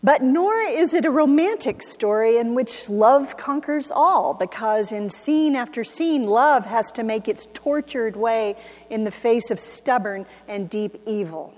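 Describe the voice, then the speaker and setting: A woman's voice: fairly high pitch, animated, measured pace, a little mellow, in a large hall. A woman pastor delivering a reflective, earnest sermon to her congregation. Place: church sanctuary.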